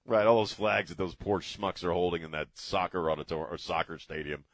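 A man's voice: sits low, steady tone, a little fast, no room sound. A middle-aged man hosting a casual talk radio show from a studio, rambling and joking off the cuff. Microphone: studio mic.

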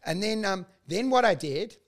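A man spins a rowdy anecdote on a casual podcast. He talks in an animated way, laughs often and slips into the voices of the people in his story. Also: sits high, normal speed. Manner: animated, laughing storyteller who acts out quotes.

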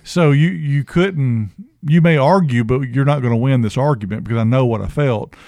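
A man's voice: medium pitch, normal speed, a little mellow, no room sound. A man in recovery talking casually on a podcast, rambling and self-deprecating, filling his stories with "you know". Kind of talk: casual conversation.

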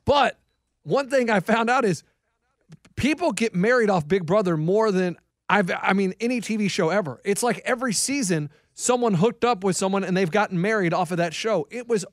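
A man's voice: high voice, expressive, normal speed, no echo, studio quality. A married man co-hosting a casual podcast chat, upbeat and jokey in his banter. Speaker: podcast co-host.

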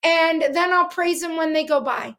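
Middle-aged woman guest, high voice, earnest, explains with lots of fillers. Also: moderate pace, a bit bright. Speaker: dog trainer guest. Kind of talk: interview answers.

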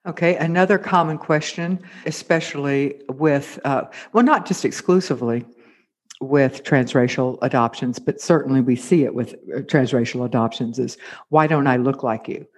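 A man hosting a casual advice conversation, posing questions in a measured, thoughtful way. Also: mid-range voice. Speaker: host. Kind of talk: casual interview talk.

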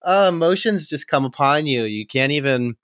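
A man's voice: fairly high pitch, animated, moderate pace, fairly bright tone, no room sound, studio quality. A man co-hosting a podcast in casual chat, laughing often and talking with emotion. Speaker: podcast co-host.

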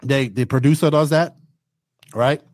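A young man from Bermuda telling stories as a podcast guest, excitable and animated as he acts out his own reactions. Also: medium pitch, a little slow, no echo, clean studio sound. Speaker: podcast guest, race commentator. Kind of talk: casual interview storytelling.

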